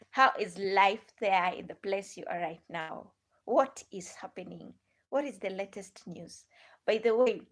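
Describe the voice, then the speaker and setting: Speaking at a medium pitch with a Ghanaian English accent, a woman chats with her live stream audience. Her talk wanders, circles back on itself, and is full of questions aimed at the viewers.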